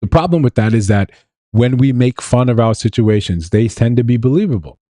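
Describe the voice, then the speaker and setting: Man, host, casual live commentary, mellow low voice, dry sound. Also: expressive, brisk, dry recording. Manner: laid-back, chuckling, rhetorical questions. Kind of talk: live commentary on viral clips.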